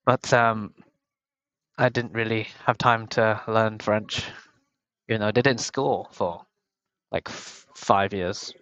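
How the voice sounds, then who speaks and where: A young man from the UK commentates a game tournament on his own, talking slowly and wandering off topic. He keeps poking fun at himself in an easy, chatty way. His voice is smooth, and it comes through a headset with dull lo-fi sound. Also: lowish voice, fairly even intonation, a bit bright, dry recording. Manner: rambling, self-mocking, chatty. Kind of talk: casual solo game commentary.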